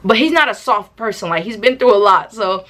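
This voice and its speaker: A young woman vlogger tells a storytime tale casually and with animation, using slang and dropping in laughing asides. Her voice is medium-pitched and her pace brisk.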